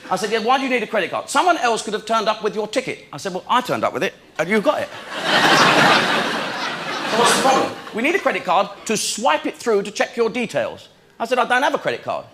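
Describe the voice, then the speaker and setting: A man's voice: high voice, sing-song, a little fast, background noise. A man doing a chatty stand-up routine, telling a story and acting out both sides of each conversation. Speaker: stand-up comedian. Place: large theatre stage.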